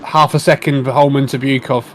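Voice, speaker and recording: A man as co-commentator on a sim race, giving relaxed, conversational analysis. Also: medium pitch, normal speed, slight background noise.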